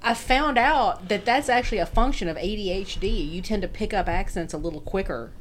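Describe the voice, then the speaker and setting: A middle-aged woman with a Southern accent, hosting a casual family podcast and chatting in an animated way with quick laughs. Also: medium pitch, a little hiss or hum. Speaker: podcast host.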